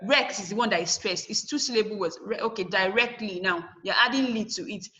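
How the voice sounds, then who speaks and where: A woman's voice: mid-range voice, quick pace, sharp tone, rough recording. A woman teaching a lesson over a video call. She asks questions and then answers them herself, and she repeats the key points to stress them. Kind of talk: online class lesson.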